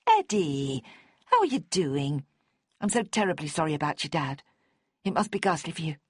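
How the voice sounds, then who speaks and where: A woman's voice: low-pitched, big pitch swings, normal speed, husky, no echo, clean studio sound, heavily acted. Woman voicing a kind, thoughtful florist. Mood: sympathetic. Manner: polite and gently sympathetic.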